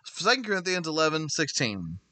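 A man's voice: fairly high pitch, very animated, brisk, pushed and bright, no room sound. A man giving an informal sermon-style Bible study, earnest and conversational, often restarting his sentences. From United States. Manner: earnest and conversational, with frequent restarts and filler words. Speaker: Bible teacher.

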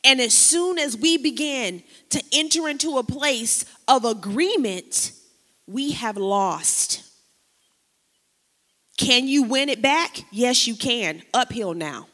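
A woman's voice: a little high, takes it slowly. Woman preaching in a reverberant hall. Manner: lively preaching, sliding into casual slang and quiet storytelling. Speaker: pastor. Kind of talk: sermon.

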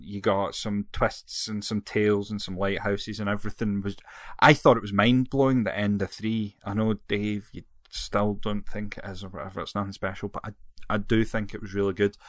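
A man's voice: lowish voice, dry recording, studio quality. A man, co-hosting a casual chat and rambling through his opinions, often correcting himself. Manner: rambling, self-correcting, jokey. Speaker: podcast co-host.

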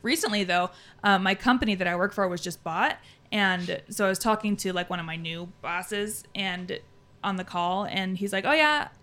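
An animated woman trades stories in a relaxed group chat. She throws herself into her anecdotes and bounces into the voices of the people she quotes. Her pitch sits in a middle range for a woman. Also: moderate pace. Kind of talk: casual chat. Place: lives in Salt Lake.

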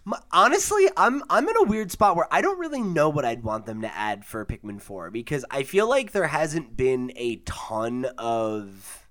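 A young man hosting a casual podcast, laid-back and quick to laugh, with lots of fillers. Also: a little high, sing-song, fairly bright tone. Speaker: podcast host.

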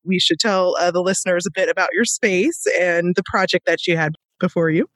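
A woman's voice: on the low side, steady tone, a little fast, fairly bright tone, no echo. A woman organizing coach talking in an upbeat, grateful and earnest way on a casual podcast.

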